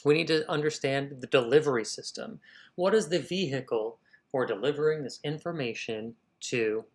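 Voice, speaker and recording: A man's voice: medium pitch, normal speed. A man hosting a live writing session, talking casually and thinking aloud to his viewers. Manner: energetic, thinking aloud, addressing viewers as y'all. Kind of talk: casual livestream talk.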